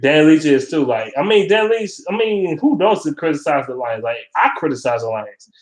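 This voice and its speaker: A man ranting casually and profanely about football, animated and blunt, as a vlogger. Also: fairly high pitch, moderate pace. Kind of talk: casual sports rant. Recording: roomy echo.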